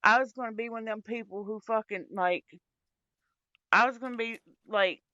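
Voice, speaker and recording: A woman's voice: on the high side, normal speed, sharp tone, lo-fi sound, slight background noise. A young woman in casual, candid chat, blunt and rambling, swearing a lot. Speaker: podcast co-host.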